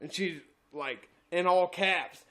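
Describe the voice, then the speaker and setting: A man's voice: high-pitched, slow, a bit bright. A man co-hosting a casual podcast, telling rambling, profane anecdotes and laughing often. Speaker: podcast co-host. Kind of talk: casual storytelling chat.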